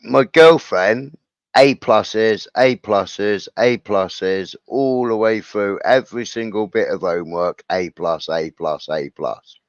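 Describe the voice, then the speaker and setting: A man's voice: on the low side, slow, dry recording. A middle-aged man, telling a school anecdote in casual stream chat and acting out the dialogue. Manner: animated anecdote-telling, acts out quoted dialogue. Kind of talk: casual storytelling on a livestream. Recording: dull lo-fi sound.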